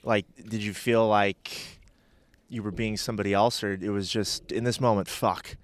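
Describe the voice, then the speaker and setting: A man's voice: on the low side, fairly even intonation, moderate pace, dry recording. A man chatting casually as a podcast guest, rambling and hesitant with lots of filler words.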